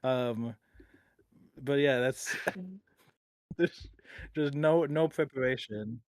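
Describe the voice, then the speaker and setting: A man's voice: medium pitch, no echo, studio quality. A man hosting a casual podcast interview, full of fillers and restarts, often chuckling. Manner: halting, filler-heavy, chuckling. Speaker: podcast host.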